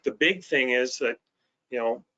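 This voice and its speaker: A man's voice: medium pitch, measured pace, bright, forceful tone. A man from a police service on a webinar panel, speaking casually with frequent "uh"s. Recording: muffled video call audio.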